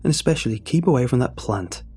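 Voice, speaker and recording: A man voicing a gruff, superstitious old fisherman and ex-navy man, speaking slowly and sternly. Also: medium pitch, expressive, warm tone, faint music behind. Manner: slow, stern warning.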